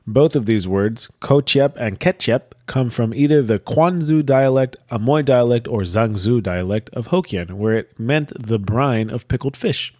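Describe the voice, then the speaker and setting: A man's voice: medium pitch, a little slow, few pauses, darkish tone, no echo, studio quality. A young American man co-hosting a podcast, reading from a wiki with profane, sarcastic asides. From United States. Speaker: podcast co-host. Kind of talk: casual chat, reading from a wiki.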